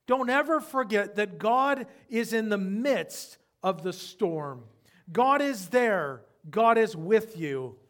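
A male pastor preaching a sermon, dropping to a hush and then rising to loud, impassioned lines. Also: sits high.

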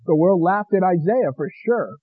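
A man's voice: high voice, animated, normal speed, slightly rough, no echo, phone-quality sound. A man preaching a sermon with passion, pleading with his listeners through a string of rhetorical questions.

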